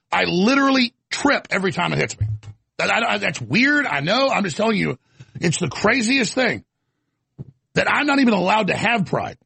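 Male show host with a husky, somewhat high voice, talking off the cuff in long, rambling stretches with stuttered restarts. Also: pushed and bright, no echo. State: coughing, throat irritated. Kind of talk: off-the-cuff commentary monologue.

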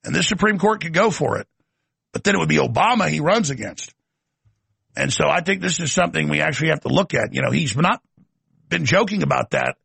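A man's voice: fairly high pitch, expressive, a little fast, creaky, fairly bright tone, husky, dry recording. A man hosting a political talk show, delivering an emphatic, ranting monologue with sardonic asides.

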